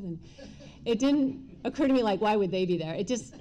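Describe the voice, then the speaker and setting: A middle-aged woman candidly telling her own recovery story, with many pauses and fillers. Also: medium pitch, lively intonation, mellow, muffled recording. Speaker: speaker sharing recovery story. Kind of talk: personal testimony talk.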